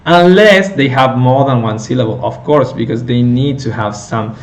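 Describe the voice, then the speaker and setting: A male teacher slowly explaining a lesson step by step, with many fillers and self-corrections. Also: mid-range voice. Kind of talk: recorded lecture on intonation.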